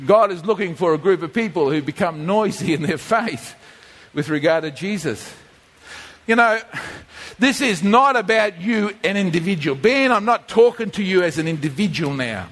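High-voiced man preaching a sermon. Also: in a large hall. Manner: animated, acts out quoted voices like a whining child. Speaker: pastor.

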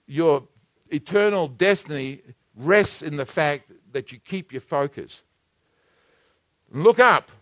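A man preaching a sermon, swinging between loud exhortation and hushed, intimate asides. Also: fairly high pitch, expressive, slow, no room sound.

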